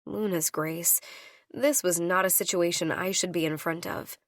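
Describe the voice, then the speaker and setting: A woman reading a first-person audiobook, voicing each character with her own shifts in pitch. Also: a little slow, no room sound, studio quality. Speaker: audiobook narrator.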